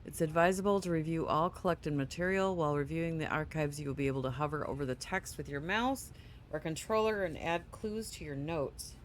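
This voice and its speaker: A gaming channel host works through a game's tutorial screens at home, reading the instructions aloud and breaking off for quick offhand remarks. The voice sits at a middle pitch and sounds sleepy, with yawns it apologises for. A faint low hum stays in the background. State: sleepy, yawning. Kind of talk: casual let's play commentary.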